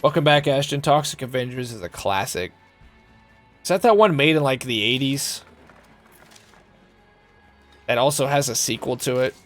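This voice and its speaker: A man's voice: medium pitch, expressive, normal speed, pauses often, fairly bright tone, soft background music. A man streaming a game live, chatting loosely with viewers, joking and swearing freely, thanking them by name. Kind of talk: casual live-stream chat.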